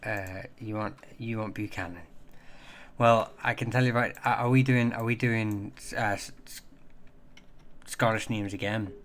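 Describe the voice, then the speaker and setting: A man hosting a casual livestream and chatting with viewers in a rambling, halting way, with many fillers and restarts. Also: fairly low pitch, fairly even intonation, fairly bright tone. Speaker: livestream host.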